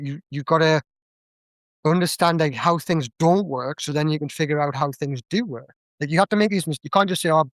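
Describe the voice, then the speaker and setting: A young adult man with a Northeast English accent, chatting casually as a podcast guest, animated and full of fillers. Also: on the high side, no echo. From Northeast England. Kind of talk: casual chat.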